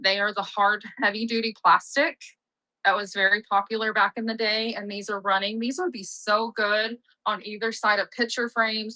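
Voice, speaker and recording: A woman's voice: medium pitch, sharp tone, no echo, poor audio. A young woman hosting a live-selling stream, chatting casually, upbeat and often laughing at herself. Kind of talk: casual live-sale chat.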